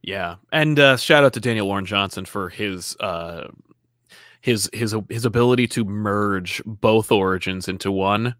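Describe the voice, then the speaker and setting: A man's voice: on the low side, unhurried, fairly bright tone, no echo, studio quality. A man co-hosting a podcast, chatting casually and rambling, and reading out listener comments. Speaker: podcast co-host. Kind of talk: casual chat.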